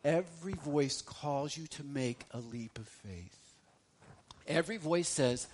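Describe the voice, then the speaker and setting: A middle-aged man preaching a sermon as a pastor, swinging between loud emphasis and hushed lines, repeating phrases for effect. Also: on the high side, lively intonation, unhurried, slight background noise.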